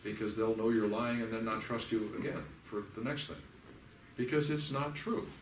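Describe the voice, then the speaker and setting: An older man leading a church workshop. He teaches in a folksy, animated way and acts out the voices of the people he quotes. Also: lowish voice, normal speed, a little hiss or hum. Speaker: workshop leader. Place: church hall. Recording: echoey hall recorded from a distance.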